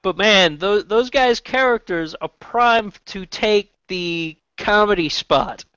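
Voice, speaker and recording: In a dull, dry, lo-fi recording with no room sound, a man from Canada hosts a laid-back podcast chat about wrestling. His voice is high, slow, sharp, clear and resonant, and his talk rambles with restarts and offhand swearing.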